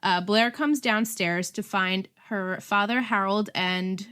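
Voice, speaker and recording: A woman co-hosting a podcast, chatting casually and retelling a TV episode in an animated way. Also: mid-range voice, slow, smooth. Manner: chatty, animated storytelling with frequent fillers. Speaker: podcast co-host. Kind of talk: casual chat recapping a TV episode.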